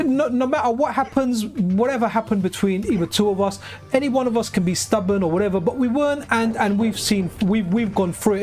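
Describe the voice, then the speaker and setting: High-voiced chatty male streamer. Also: darkish tone. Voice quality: light, high voice he calls feminine. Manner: rambling and chatty, keeps asking "right?". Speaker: game streamer. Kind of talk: casual live-stream chat while playing. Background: faint game music.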